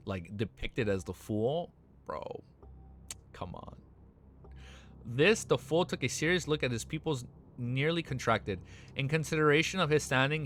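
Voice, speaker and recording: A man casually reading a web novel aloud and breaking off into excited, slangy reactions. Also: medium pitch.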